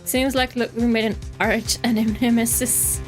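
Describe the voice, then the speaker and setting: A woman's voice: on the high side, little pitch movement, normal speed, soft background music. A woman streamer giving casual, giggly commentary while playing a game, chatty and often correcting herself.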